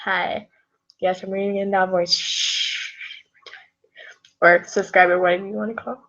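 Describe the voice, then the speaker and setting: A woman's voice: mid-range voice, flat delivery, moderate pace, a bit bright, lo-fi sound. A woman casually reading fan fiction aloud, rambling and correcting herself with chatty asides.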